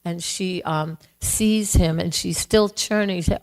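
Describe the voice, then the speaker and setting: Slow, low-voiced woman telling a devotional story. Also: fairly even intonation, low-quality recording. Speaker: class speaker. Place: temple hall.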